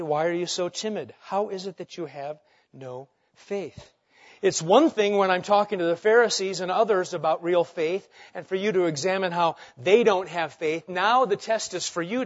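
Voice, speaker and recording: A man delivers a sermon in a fairly high voice, swinging from loud bursts to near-hushed lines. He asks his listeners rhetorical questions. The recording sounds a little dull and lo-fi. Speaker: pastor.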